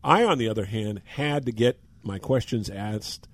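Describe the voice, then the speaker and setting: An older man on a sports talk show, telling animated anecdotes from years of covering baseball in casual conversation. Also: lowish voice, moderate pace, dry recording. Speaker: sports radio host and former reporter. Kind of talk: casual radio talk with stories.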